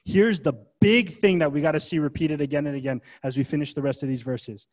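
At a church gathering, a male pastor preaches a sermon in a casual, conversational style packed with rhetorical questions. His voice is fairly high, a little mellow, and a touch fast.

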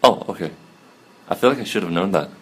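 A man's voice: low voice, animated, fast, husky. A young man co-hosting a podcast in casual chat, hesitant with many ums and easy giggles. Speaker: podcast co-host.

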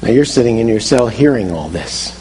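A man delivering a sermon at a middle pitch, drawing his listeners into the scene with "you" and stumbling through restarts as he builds it up. His voice carries a long reverb, as if from a large hall. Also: lively intonation, a little fast, darkish tone, slight background noise. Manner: vivid second-person storytelling, frequent restarts. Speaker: pastor.

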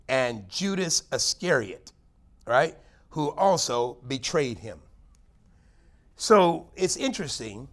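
Middle-aged man, longtime pastor; folksy, conversational preacher who jumps high and loud for emphasis. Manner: folksy, animated preaching with sudden high-pitched bursts. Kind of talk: sermon.

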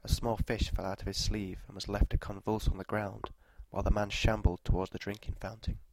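Male narrator, dark and mellow tone, flat and measured, for a scripted story read. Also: on the low side, creaky, dry recording, low-quality recording.

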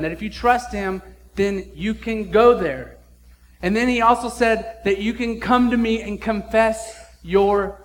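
A man preaching a sermon as pastor, blunt and emphatic, with casual slang. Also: high-pitched.

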